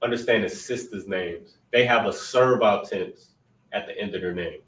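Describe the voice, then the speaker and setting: A man's voice: fairly low pitch, moderate pace, fairly bright tone. A man teaching an informal class, patiently explaining step by step and thinking aloud. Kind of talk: informal Hebrew grammar class. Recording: roomy, distant mic.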